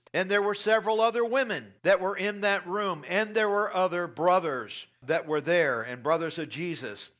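A man preaching a sermon as pastor, reading scripture aloud and stressing key lines slowly. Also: high voice, sharp tone.

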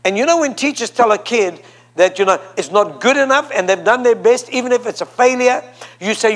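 A preacher with a very high, slightly bright voice delivers a sermon before his congregation, speaking expressively and fairly quickly. He hammers home his points by repeating phrases and draws the church into call and response.

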